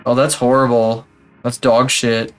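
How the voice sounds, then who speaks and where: A man's voice: mid-range voice, little pitch movement, a little slow, soft background music. A young man live-streaming, chatting casually in a rambling, profane, self-mocking way.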